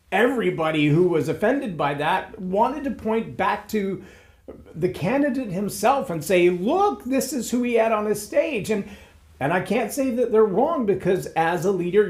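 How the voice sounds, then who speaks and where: Higher-pitched male speaking coach, measured reflective monologue. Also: darkish tone. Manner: reflective, measured, with repeated phrases for emphasis. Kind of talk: solo talk to camera.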